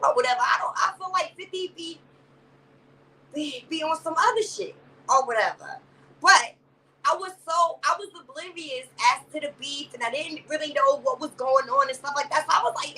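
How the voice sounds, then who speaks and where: A woman's voice: high voice, expressive, normal speed, sharp tone, recorded from a distance, slight background noise, low-quality recording. A woman hosting a casual live-stream commentary, rambling and profane, greeting chat viewers by name and padding her talk with "or whatever". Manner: greets chat viewers by name, calls them baby and sister. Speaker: livestream commentary host.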